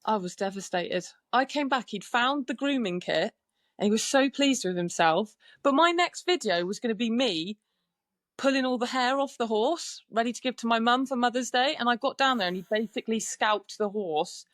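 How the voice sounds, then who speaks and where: A woman guesting on a podcast, telling animated stories, swearing casually and acting out what people said. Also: fairly high pitch, moderate pace, no echo. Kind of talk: casual storytelling chat. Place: podcast studio.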